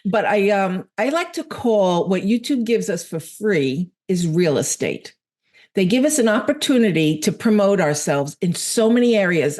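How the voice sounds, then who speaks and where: A woman's voice: mid-range voice, darkish tone. A woman guest explaining YouTube features in a casual interview, her voice worn from talking for hours. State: losing her voice.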